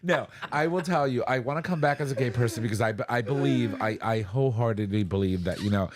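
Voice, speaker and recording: A man's voice: medium pitch, quick pace. A middle-aged man hosting a podcast, talking in a rambling, reflective way with many restarts. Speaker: podcast host. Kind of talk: casual chat.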